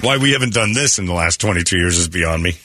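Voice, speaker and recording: 少し低めでハスキーな声の男性ラジオ司会者。乾いた冗談を交えた気さくなスタジオ雑談、残響のないドライな音。. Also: male voice, deep voice, fast, no room sound, clean studio sound, a faint crowd. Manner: wry, deadpan joking with frequent laughs. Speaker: morning radio show host. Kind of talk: casual radio banter.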